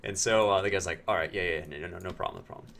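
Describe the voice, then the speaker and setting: A man from Pennsylvania, a game streamer, telling a story in a casual, animated way and acting out other people's lines. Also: low voice, very fast, gravelly.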